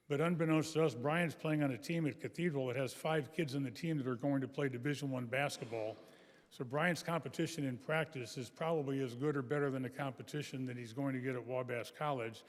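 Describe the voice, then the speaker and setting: An older man gives a speech full of folksy anecdotes, his pitch sitting in an ordinary middle range. The recording carries a long reverb from a large chapel hall. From American Midwest. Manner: folksy storytelling. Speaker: guest speaker.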